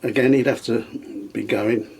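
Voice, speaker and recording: An older man, reminiscing in conversation, telling anecdotes with frequent chuckles and halting fillers. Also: mid-range voice, steady tone, vocal fry, darkish tone, breathy edge. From England. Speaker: guest, storyteller.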